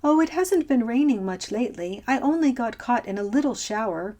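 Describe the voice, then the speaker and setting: Give me a woman playing a breezy, slangy young woman, quick and offhand, with a high voice. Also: expressive, dark tone.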